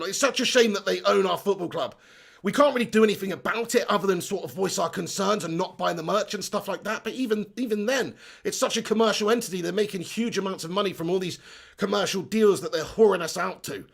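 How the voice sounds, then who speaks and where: A young man hosts a casual livestream, his voice high and gravelly. He talks bluntly, swears a lot and jokes around as he reads out viewers' comments. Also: a bit bright. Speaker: fan channel livestream host.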